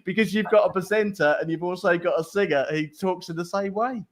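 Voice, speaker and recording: Chatty Fenland host, slightly high. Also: male voice, a little fast. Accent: Fens English. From Cambridgeshire, England. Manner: chatty, jokey, rambling with restarts. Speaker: show host. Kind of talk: casual live talk show chat.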